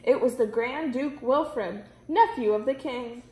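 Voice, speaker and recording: A woman reading a children's story aloud, with expressive storytelling. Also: on the high side, measured pace. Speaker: reader. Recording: roomy echo.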